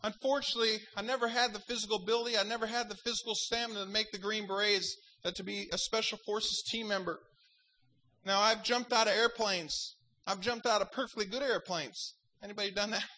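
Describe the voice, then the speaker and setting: A man's voice: high-pitched, fairly even intonation, brisk, bright, forceful tone, poor audio. A man pastor preaching a sermon, fervent in delivery and breaking into wry joking asides.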